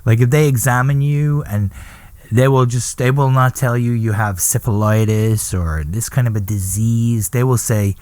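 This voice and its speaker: A man's voice: mid-range voice, moderate pace, a little mellow, no echo. A man, hosting a podcast and ranting in a profane, exaggerated comic monologue. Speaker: podcast host.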